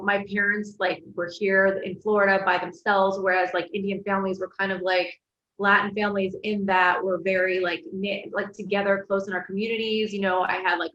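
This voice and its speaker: A woman, originally from England, talking as a TV host guest in a relaxed interview, chatty and full of "like" and "you know". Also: mid-range voice, slight background noise. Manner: chatty, laughs easily, lots of "like" and "you know". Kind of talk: casual interview storytelling. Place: home in Florida. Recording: echoey, slightly dull video call audio.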